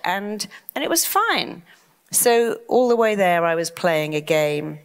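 Lively woman giving a motivational talk. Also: on the low side, unhurried, smooth. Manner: acts out inner voices with lively swings. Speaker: motivational speaker.

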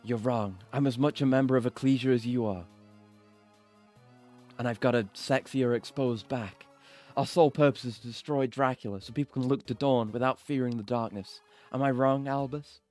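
A man's voice: medium pitch, fairly even intonation, normal speed, a little mellow, faint music behind, natural voice. A man voicing a solemn, devoted young woman warrior as he reads game dialogue aloud on stream, in a cool, earnest, formal manner. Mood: resolute.

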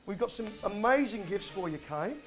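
A man's voice: sits high, animated, a little fast, a bit bright, soft background music. An Australian man hosting a comedic sports talk show, blokey and rambling, calling everyone mate.

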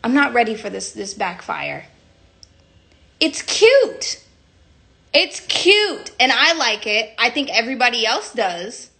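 A woman's voice: a little high, normal speed, gravelly, hardly any pauses, pushed and bright. A young woman chatting casually on a phone livestream, giggling, rambling and cutting herself off mid-sentence. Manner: giggly, rambling, self-interrupting.

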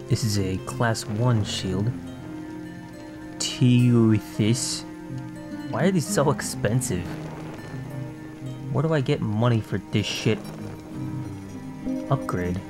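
A man playing a video game and talking to himself in a drowsy, muttering way, swearing now and then and admitting he is sleepy. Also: fairly low pitch. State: sleepy, yawning. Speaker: gaming channel host. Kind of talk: casual game commentary.

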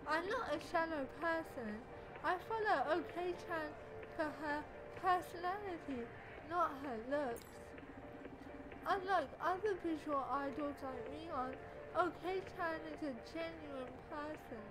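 A woman's voice: high-pitched, slow pace, over music, low-quality recording. A woman reading aloud the lines of an earnest, devoted fan of a virtual idol in a video game, in a plain, everyday voice.

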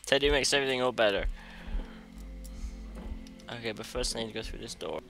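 A man's voice: medium pitch, lively intonation, brisk, vocal fry, sharp tone, faint music behind. A man commenting on a horror game as he plays, joking and talking as the toddler he controls, with sudden startled yelps. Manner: jokey, talks as the toddler he plays, jumpy yelps. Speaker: gaming commentator.

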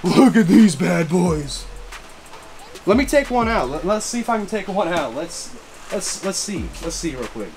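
A man showing off his gear in a casual vlog, excitable and slangy, repeating catchphrases and whooping. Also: high-pitched, measured pace, a crowd in the background. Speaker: fireworks vlogger. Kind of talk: casual show-and-tell vlog. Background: background music.

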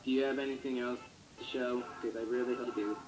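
A man's voice: medium pitch, fairly even intonation, quick pace. A man co-hosting a casual video-chat update, rambling and joking as he corrects himself. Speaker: co-host. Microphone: Wii U chat mic. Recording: echoey room with loud music.

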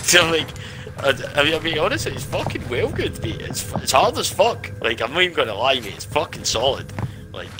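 A man's voice: fairly high pitch, sing-song, a little fast, music in the background. A man with a Scottish accent chatting while gaming on a live stream, rambling and swearing constantly as he retells his play. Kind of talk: casual chat while gaming.

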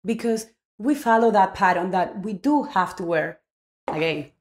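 A woman tells a personal story about parenting straight to camera. She speaks in a reflective, earnest way at a middle pitch and often restarts her sentences as she searches for words. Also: animated, normal speed. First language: Spanish. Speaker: parenting vlogger.

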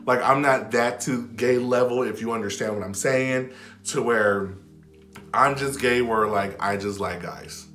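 A man telling a personal story to camera in a rambling, casual way, full of "like" and restarts, sometimes dropping to a hush. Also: mid-range voice, a little slow. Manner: drops to a hush when retelling whispered moments. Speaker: vlogger. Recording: echoey room with faint background music.

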